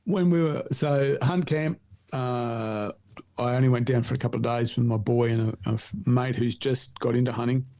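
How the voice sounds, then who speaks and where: A middle-aged Australian man tells hunting stories with a laid-back, animated energy. His voice is gravelly and dark, with a mellow warmth. He chuckles through his own anecdotes. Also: mid-range voice, moderate pace, highs cut off. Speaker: podcast guest, hunter and writer. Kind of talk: casual storytelling chat.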